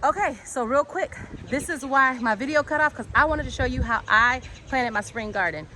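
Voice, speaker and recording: A bubbly woman with a fairly high voice chats her way around her backyard garden. Her talk jumps from point to point with lively energy. Clear outdoor noise, birdsong and passing traffic sit behind her voice. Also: moderate pace. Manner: excitable, chatty, easily distracted. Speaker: home gardener and channel host. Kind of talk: casual walk-and-talk garden tour.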